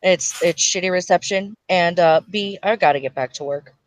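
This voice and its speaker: A woman guest on a casual live-stream chat, speaking quickly and apologetically. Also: on the low side, no echo.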